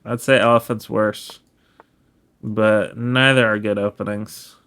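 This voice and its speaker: Male chess streamer, casual study commentary, slow drawn-out delivery, self-correcting. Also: on the low side, steady tone, fairly bright tone. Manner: laid-back, explains as he goes, self-correcting.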